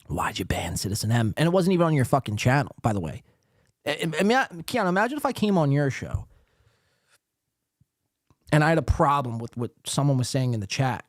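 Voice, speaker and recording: A man's voice: mid-range voice, big pitch swings, fairly quick, dry recording, clean studio sound. A man hosting a live podcast, ranting profanely and sarcastically at other show hosts. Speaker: podcast host.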